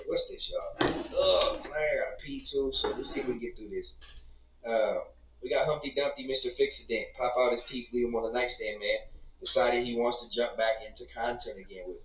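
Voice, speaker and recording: A man's voice: medium pitch, fast, fairly bright tone. A man hosting a casual livestream, reacting to clips with laid-back, profane trash talk. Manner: laid-back, swears a lot, trash-talks. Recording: roomy, distant, dull stream audio.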